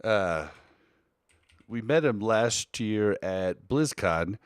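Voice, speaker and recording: A man co-hosting a live podcast in casual chat, animated and shifting between his deeper everyday voice and a lighter, softer one. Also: very slow, smooth, no echo, clean studio sound. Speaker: podcast co-host and streamer.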